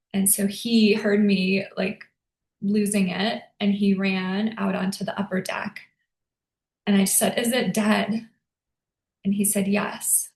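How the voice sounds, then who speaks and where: A woman hosting a podcast, telling a personal story in an earnest, emotional way, lifting into a higher soft voice when she quotes herself. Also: gravelly. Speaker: podcast host. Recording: echoey room.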